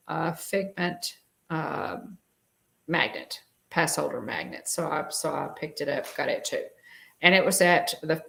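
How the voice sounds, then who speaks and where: Casting: middle-aged woman, low gravelly voice, rambling co-host chat. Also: fairly bright tone. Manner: chatty, rambling, many fillers and restarts. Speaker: show co-host. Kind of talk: casual live-stream chat.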